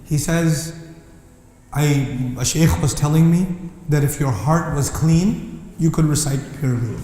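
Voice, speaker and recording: A man giving an impassioned lecture on Quran verses, mixing English with Arabic recitation and rising to near shouting. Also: fairly high pitch, unhurried, slight background noise. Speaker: Islamic lecturer. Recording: echoey hall reverb.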